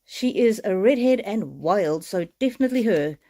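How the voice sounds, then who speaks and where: Tender, mellow-voiced woman reading cards. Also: medium pitch, lively intonation, moderate pace. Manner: tender, soothing, emotional. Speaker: oracle card reader. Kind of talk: live-streamed card reading.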